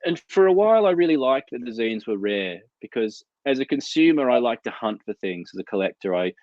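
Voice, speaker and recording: A man's voice: medium pitch, big pitch swings, a little fast, darkish tone, dry recording. A man co-hosting a casual comics chat over a video call, telling rambling, profane anecdotes. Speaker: co-host of a comics chat show. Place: home out in the desert. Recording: dull lo-fi video call audio.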